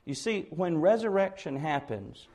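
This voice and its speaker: A man preaching an expository sermon, building to loud, slowed, emphatic peaks on key words. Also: fairly high pitch, sing-song.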